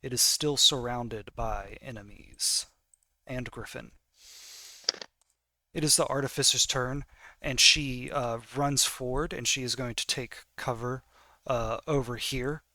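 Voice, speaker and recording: Man, game master, bright voice, dry close sound, casual and chatty. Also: mid-range voice, fairly even intonation, measured pace, dry recording. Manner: casual, many fillers while reading rules. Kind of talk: narrating a tabletop game.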